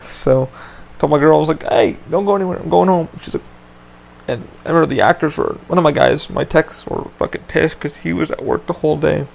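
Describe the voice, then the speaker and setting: A man hosting a podcast rambles loosely through a story in a relaxed chat, dropping plenty of profanity. He sounds a little high and gravelly, speaking fairly quickly, on a muffled recording.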